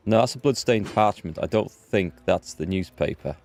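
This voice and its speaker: A man's voice: low-pitched, lively intonation, normal speed, a little mellow. A man from northeast England streaming a video game, chatty and self-deprecating as he thinks aloud. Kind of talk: casual live-stream commentary.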